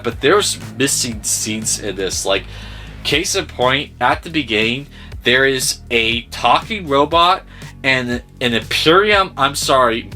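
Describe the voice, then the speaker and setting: A man giving a casual film review, talking in an animated, sarcastic way and swearing freely. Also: mid-range voice.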